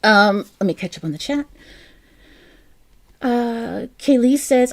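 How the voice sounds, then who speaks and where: A woman's voice: a little high, animated, slow, long pauses. A woman with a South Jersey accent hosting a crochet livestream, chatty and self-deprecating, laughing often and talking to her viewers by name. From New Jersey. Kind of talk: casual live-stream chat.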